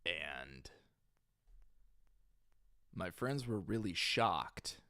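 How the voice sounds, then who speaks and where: Young man, stream host, casual rambling chat, slow pace, animated pitch. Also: no room sound, studio quality. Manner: rambling, trails off and corrects himself. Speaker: livestream host.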